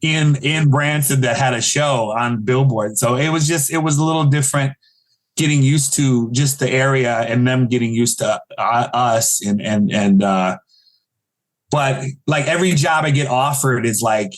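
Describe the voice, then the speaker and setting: A man from Chicago in his forties tells funny stories as a podcast guest. His voice sits at an everyday middle pitch, and he acts out the people he quotes with sudden high leaps. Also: normal speed. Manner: animated storyteller acting out quoted voices with pitch jumps. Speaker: guest comedian. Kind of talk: casual interview storytelling.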